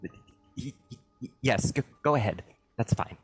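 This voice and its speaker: A man's voice: mid-range voice, lively intonation, unhurried, husky, voice pushed up. A man voicing a shy, nervous young man who stutters and hides inside a machine, in a tabletop game.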